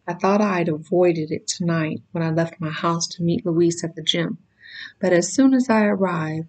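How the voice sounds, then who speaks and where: Low flat-voiced woman reading a novel. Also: rough recording. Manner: measured, with occasional stumbles and self-corrections. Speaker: reader.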